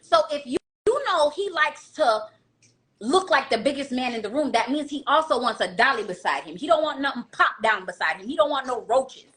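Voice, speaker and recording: A woman's voice: high-pitched, expressive, a little fast, fairly bright tone. A woman giving blunt dating advice in a casual monologue, lecturing and asking rhetorical questions.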